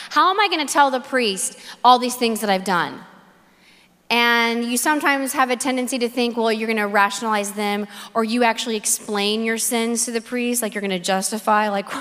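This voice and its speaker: A woman's voice: fairly high pitch, normal speed, fairly bright tone. Earnest woman speaking in a reverberant hall. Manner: earnest storytelling with repeated phrases; acts out dialogue in quoted voices. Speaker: conference speaker. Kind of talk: personal faith testimony talk.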